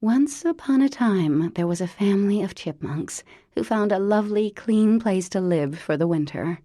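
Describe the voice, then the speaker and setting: Low, gravelly woman audiobook narrator. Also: dark tone, no echo, studio quality.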